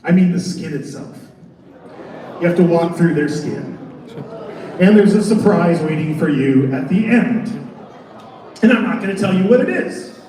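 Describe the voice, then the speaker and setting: A man presenting on a convention panel as a haunted attraction designer, telling his story in an animated, joking way. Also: fairly high pitch, moderate pace, long pauses. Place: large convention center hall. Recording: echoey convention hall from far off.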